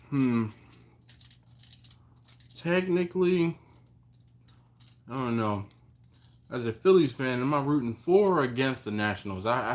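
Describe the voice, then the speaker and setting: A relaxed man talks on a live stream through his phone's mic at home, with a voice of ordinary mid pitch. He reads viewers' comments aloud in an easygoing way, greeting people by name and chuckling often. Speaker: host of a barbecue live stream. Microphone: phone on a mount.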